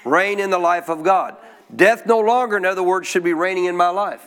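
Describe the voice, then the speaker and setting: A man's voice: high voice, a little fast, fairly bright tone, smooth. A man preaching a sermon to a congregation, emphatic, often asking them questions and having them repeat after him. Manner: emphatic call-and-response preaching, quizzing the congregation. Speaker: pastor.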